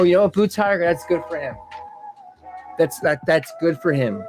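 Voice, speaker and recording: A man's voice: fairly high pitch, low-quality recording. Rambling man hosting a livestream. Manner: rambling, laughs often, self-interrupting. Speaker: livestream commentary host. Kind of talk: casual livestream chat, reading chat aloud.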